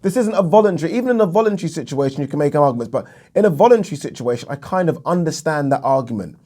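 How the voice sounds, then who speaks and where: Racing through an indignant boxing rant on his opinion vlog, an English man speaks a little high in an animated, slightly mellow voice. He swears freely and repeats things for emphasis.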